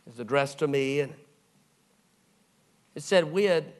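A middle-aged man preaching with a somewhat high voice. He tells his stories with animation, playing out each voice and sinking into soft, low tones when the story turns tender. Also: unhurried, pauses often. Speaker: pastor. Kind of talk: sermon storytelling.

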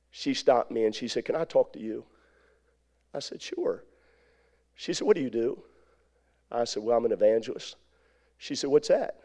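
An evangelist spins a homespun story as a sermon. His voice is dark and mellow at a middling pitch, and he rambles along, circling back with repeats and little asides. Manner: folksy, rambling, with repetitions and asides.

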